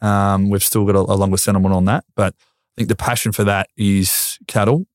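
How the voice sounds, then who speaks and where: A man with an Australian accent and a fairly low voice, speaking earnestly and reflectively. He is a podcast guest in his thirties who restarts phrases as he thinks aloud. The sound is dry and close. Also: steady tone, fairly quick, dry recording. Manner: earnest and reflective, repeats words while thinking. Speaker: podcast guest, former footballer. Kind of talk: casual conversation.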